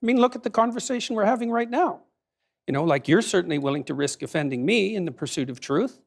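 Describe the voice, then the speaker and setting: A man debate guest, calm and argumentative. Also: high voice, fast talker, creaky.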